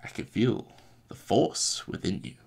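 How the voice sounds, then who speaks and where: A man doing a calm old warrior-monk teacher. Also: lightly acted. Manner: quick offhand quoting. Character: wise older male warrior-monk teacher.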